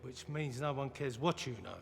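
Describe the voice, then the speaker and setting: A man's voice: medium pitch, animated, normal speed, creaky, in a large hall, a little hiss or hum. An actor playing a cocky male poker player who talks in a dry, taunting way.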